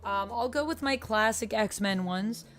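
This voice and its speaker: A woman's voice: mid-range voice, measured pace, faint music behind. A woman streaming a video game, chatting casually, reading viewers' messages aloud and answering them. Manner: chatty, reads chat messages aloud, soft-spoken. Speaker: variety streamer. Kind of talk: casual livestream commentary.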